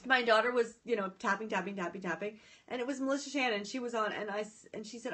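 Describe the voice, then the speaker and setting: Brief: woman, high voice, chatty livestream host, greets viewers, excitable and scattered. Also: brisk. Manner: excitable, often breaks off mid-sentence. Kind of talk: casual live chat. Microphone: phone or tablet.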